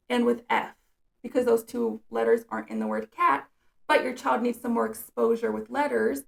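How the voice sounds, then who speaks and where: A woman's voice: high voice, vocal fry. A woman special education teacher explaining reading activities step by step in a patient instructional video.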